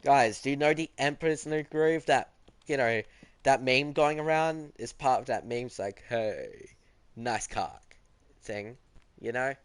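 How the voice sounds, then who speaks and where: A man's voice: medium pitch, normal speed, smooth, dry recording. A teenage boy streaming a game, chatting casually and teasingly as he answers his viewers. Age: teens. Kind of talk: casual chat while gaming.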